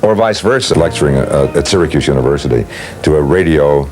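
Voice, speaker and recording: Very deep-voiced older man telling stories. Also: animated, brisk, darkish tone. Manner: leisurely anecdotal telling, acts out quotes. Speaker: interviewee recalling work as a voice actor. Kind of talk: storytelling interview.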